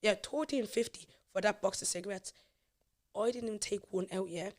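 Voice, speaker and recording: A woman's voice: mid-range voice, fairly quick. A young Irish woman, a podcast guest, candidly telling her personal life story with emotion.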